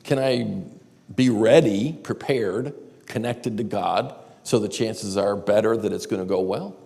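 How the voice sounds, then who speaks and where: A man's voice: on the low side, measured pace, gravelly, warm tone. A man giving a candid, self-deprecating storytelling talk at a live seminar. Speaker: seminar speaker. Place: large church auditorium. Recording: live hall recording with long reverb.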